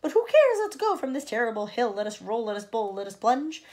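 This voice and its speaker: A woman voicing an excitable, grinning male centipede, reciting in a boisterous sing-song way. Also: on the high side, fairly quick, pitched above the performer's own voice. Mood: gleeful.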